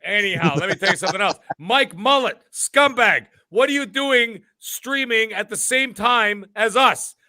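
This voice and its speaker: A man's voice: high-pitched, moderate pace, few pauses, pushed and bright, no echo. A man hosting a gaming podcast, ranting in a profane, mock-boastful way. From Canada. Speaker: podcast host. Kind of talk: casual gaming podcast chat.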